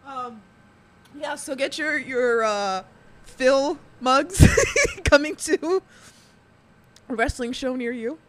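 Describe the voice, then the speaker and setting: Giggling high-voiced woman podcast host. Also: slow pace, long pauses, fairly bright tone. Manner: giggly, laughs constantly, reads chat comments aloud. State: laughing to tears. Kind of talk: casual chat.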